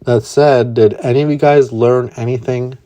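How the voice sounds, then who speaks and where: A man voicing a calm, blunt young male super soldier in his own voice. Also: mid-range voice, moderate pace, no room sound, close to an everyday voice.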